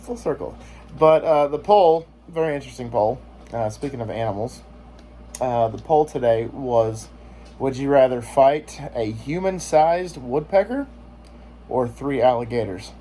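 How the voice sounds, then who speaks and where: A man's voice: mid-range voice, measured pace, mellow, slight background noise. A man vlogging in casual chat, joking and rambling with lots of filler words.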